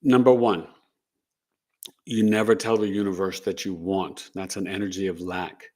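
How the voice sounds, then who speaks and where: A man's voice: deep voice, steady tone, normal speed, darkish tone. A man co-hosting a casual live stream, speaking earnestly and encouragingly as an astrologer. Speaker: astrologer and podcast co-host.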